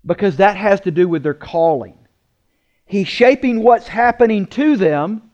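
A man preaching a sermon, emphatic, asking rhetorical questions and slowing down to stress words. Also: high voice, a little mellow, lo-fi sound. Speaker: pastor.

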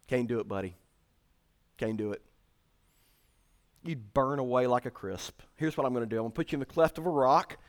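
A preacher voicing God in a low, quiet, matter-of-fact way during a sermon. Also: male voice, a little fast, long pauses, lightly acted. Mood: firm, kindly. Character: God as a casual, firm father figure.

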